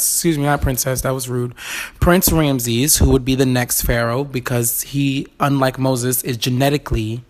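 A woman's voice: extremely low pitch, steady tone, normal speed. A woman spins a Bible story as loose comedy, full of slang and swearing. She jumps into the characters' voices and keeps laughing at her own jokes. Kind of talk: comic retelling of a Bible story.

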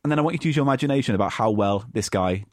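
Bantering man, lively pitch. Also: very fast, no echo, studio quality. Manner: jokey, crude and swearing, teasing. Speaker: podcast co-host. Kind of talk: casual comedy chat.

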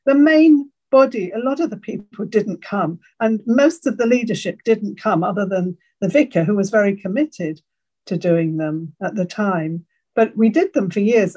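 A woman's voice: mid-range voice, a little mellow, breathy edge, low-quality recording. A woman earnestly sharing memories in a casual chat. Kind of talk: personal testimony in casual chat.

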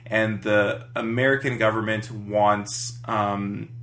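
Man, casual podcast co-host, relaxed and halting, faint hum behind. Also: fairly low pitch. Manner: relaxed, filler-heavy, laughing. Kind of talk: casual chat recapping a TV episode.

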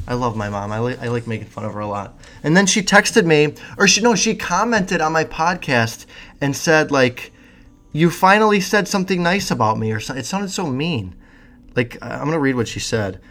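A man's voice: medium pitch, expressive, normal speed, fairly bright tone. Brief: a male podcaster in casual chat, blunt and crude, with a mid-range voice. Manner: blunt, sarcastic, swears often. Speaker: podcast host.

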